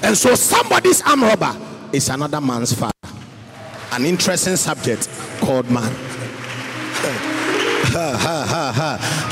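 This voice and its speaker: A man preaching a sermon, in a sing-song voice that swings up to shouts. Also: on the high side, sing-song, unhurried, creaky, pauses often. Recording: hall reverb with faint music.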